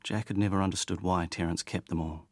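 Low-voiced guy reading a novel, steady and measured, dry close mic. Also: no room sound. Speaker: audiobook narrator. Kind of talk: scripted narration.

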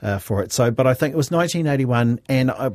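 A man in his fifties with a New Zealand accent runs through sports news in an easy, chatty way. He tells stories with gusto and throws in quick high-pitched impressions of the people he quotes. His voice sits at an ordinary middle pitch, recorded dry and close. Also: lively intonation, a little mellow, no echo. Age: 50s. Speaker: sports commentator. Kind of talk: casual radio chat.

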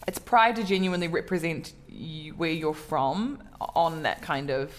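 Chatty woman comedian, low voice. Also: a little slow. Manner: chatty, self-deprecating, many fillers and restarts. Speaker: comedian guest. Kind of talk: casual interview chat.

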